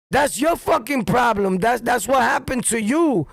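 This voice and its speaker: Gravelly high-voiced New York man ranting. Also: normal speed, hardly any pauses, no echo. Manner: blunt, profane, animated storytelling. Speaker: streamer and commentator. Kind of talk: heated street-talk monologue.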